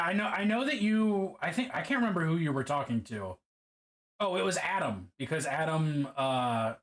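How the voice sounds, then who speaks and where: A man chatting casually on a livestream while painting miniatures, swearing freely and reacting to viewer comments. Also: medium pitch.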